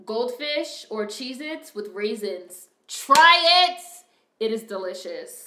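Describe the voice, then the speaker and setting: A young woman streaming and chatting casually with her viewers, telling animated stories full of swearing. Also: fairly high pitch, a little slow, noisy background. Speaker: streamer reacting to a movie and reading chat. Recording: echoey room.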